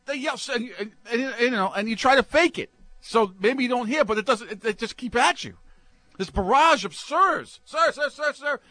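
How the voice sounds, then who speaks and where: Brief: high, bright-voiced male host on a comic rant, dry close sound. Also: a little fast, dry recording. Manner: exasperated, animated, swings from mutters to yelps. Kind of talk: comic ranting monologue.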